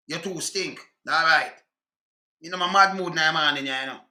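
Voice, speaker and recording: A man's voice: on the high side, moderate pace, pushed and bright, roomy sound. A man with a Jamaican accent in an angry, profane rant reacting to clips. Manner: heated, profane, scolding.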